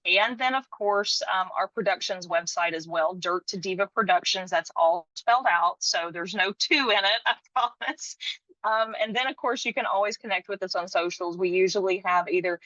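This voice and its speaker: A woman's voice: on the low side, bright, forceful tone, no room sound, muffled recording. A woman guest on a podcast talking in a sincere, reflective way about her work and her faith, with the odd light laugh. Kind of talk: casual interview chat.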